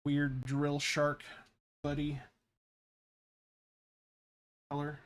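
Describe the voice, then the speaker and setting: Drawing pixel art as he vlogs, a man in his thirties talks slowly in a fairly high voice with completely flat delivery. His casual chat wanders, he cusses without restraint, and he chuckles at his own anecdotes.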